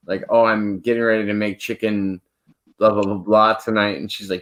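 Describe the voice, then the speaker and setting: A man's voice: lowish voice, fairly quick. Laid-back man who laughs easily. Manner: relaxed, laughs often. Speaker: co-host. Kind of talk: casual chat.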